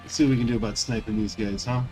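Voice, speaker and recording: A man's voice: lowish voice, steady tone, rapid-fire, over music, poor audio. A man who streams games, chatting casually while he plays in a loose, rambling way with lots of fillers. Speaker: gaming streamer. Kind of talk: casual chat while playing.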